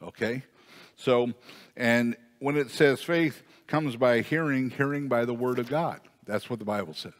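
A man's voice: mid-range voice, unhurried. A man preaching a sermon as pastor in a conversational way, rising to emphatic peaks. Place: church sanctuary. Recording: long church reverb.

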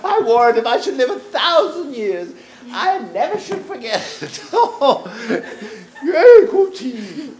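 A woman's voice: high voice, big pitch swings, slow pace, darkish tone, a little hiss or hum, exaggerated voice. Woman playing the giggly old Nurse. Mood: rambling. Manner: rambling, laughs through her lines. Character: old chattering female nurse, bawdy and giggly. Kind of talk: amateur stage acting. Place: theater stage. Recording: roomy stage recording.

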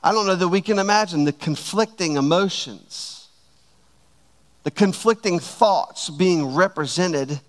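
A man preaching a sermon to his church, slow and emphatic, stretching out key words. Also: high voice, a bit bright. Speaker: pastor.

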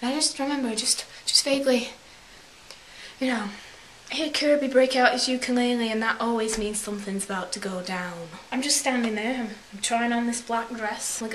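A woman's voice: a little high, moderate pace, fairly bright tone. A young woman vlogger rambling through a story in a put-on English accent, acting out quotes in silly voices. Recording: echoey room with faint hiss.

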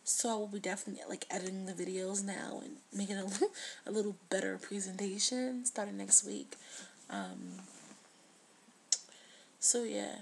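Earnest woman vlogger with vocal fry. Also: mid-range voice, expressive, moderate pace, long pauses, slight background noise. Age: 20s. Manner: earnest, heartfelt, drops to a hush at times. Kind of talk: confessional video diary.

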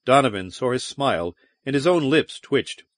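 A man narrating a science fiction audiobook in an expressive, varied storytelling manner. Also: medium pitch, moderate pace, dry recording, clean studio sound. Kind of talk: scripted narration.

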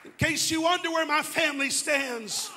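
A high-voiced pastor preaching through grief. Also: male voice, normal speed, in a large hall, some chatter behind, slight background noise, full character voice. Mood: fervent. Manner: impassioned preaching, swells into shouted declarations. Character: grieving male pastor preaching steadfast faith. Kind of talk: sermon.

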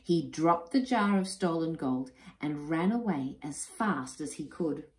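A woman reading a children's picture book aloud, expressive and unhurried. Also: low voice. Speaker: storyteller. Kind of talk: children's story read-aloud. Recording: roomy echo.

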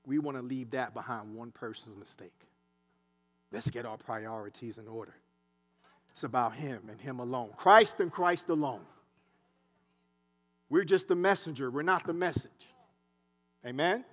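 A man preaching a sermon in a church, animated and conversational, with asides and dialect. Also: a little high, moderate pace. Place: church sanctuary.

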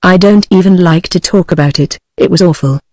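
A woman's voice: on the low side, a little fast, no room sound, studio quality, lightly acted. Skiddy, a nervous tipsy young man, read by a synthetic British woman. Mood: rambling. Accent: British English. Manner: flat synthetic delivery. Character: nervous, tipsy young man rambling about his dog.

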